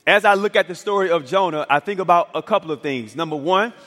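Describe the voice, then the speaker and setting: High-voiced preacher man in a reverberant hall. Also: quick pace, fairly bright tone. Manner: storytelling preacher, acts out dialogue, builds to emphatic climaxes. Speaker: pastor. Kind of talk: sermon. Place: church sanctuary.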